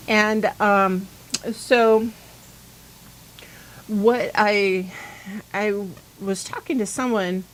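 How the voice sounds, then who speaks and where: A woman's voice: mid-range voice, extremely slow, long pauses, slight background noise, low-quality recording. Rambling woman host telling a story. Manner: rambling, animated, acts out quoted dialogue. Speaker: host of a pagan talk show. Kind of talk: casual storytelling chat.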